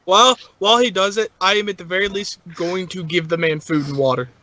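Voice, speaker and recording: Fairly high-voiced man, laid-back player. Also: a little fast, bright, forceful tone. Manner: casual, laughs often. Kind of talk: casual tabletop game chat. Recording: dull lo-fi sound.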